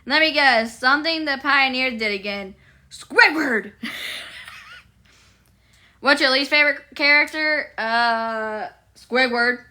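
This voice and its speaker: Giggly woman chatting with her live audience, high and bright. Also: slow pace, long pauses. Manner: playful and giggly, chatting with viewers. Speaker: live streamer. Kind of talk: casual live-stream chat.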